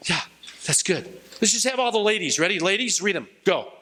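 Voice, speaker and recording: A man's voice: sits high, lively intonation, a little fast, pushed and bright. A middle-aged man, a retreat speaker, giving a playful, jokey youth sermon and leading the crowd in call-and-response.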